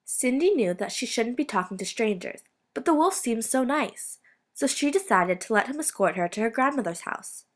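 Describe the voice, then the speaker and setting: A woman reading a fairy tale aloud as narrator, in a steady read-aloud way. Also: fairly high pitch, moderate pace. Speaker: student reader.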